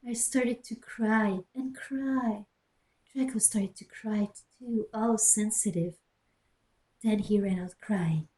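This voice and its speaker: Young woman streamer reading slow and sarcastic, muttering asides, dark mellow voice, cheap headset mic. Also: medium pitch, rough recording. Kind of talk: mocking dramatic reading with asides. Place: small closed room. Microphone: cheap gaming headset.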